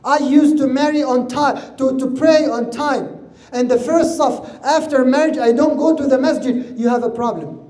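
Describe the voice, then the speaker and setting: A man's voice: very high voice, fairly even intonation, moderate pace, dark tone. A man giving a religious lecture, earnest and repeating his key words for emphasis. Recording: echoey room.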